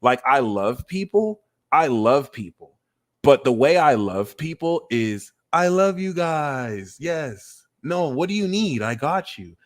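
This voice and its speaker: A man hosting a casual astrology livestream, talking about himself in an animated, profane and self-mocking way, often laughing at himself. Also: slow. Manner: animated, swings into high squeaky mock voices and self-mocking rants. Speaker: astrology reader and streamer.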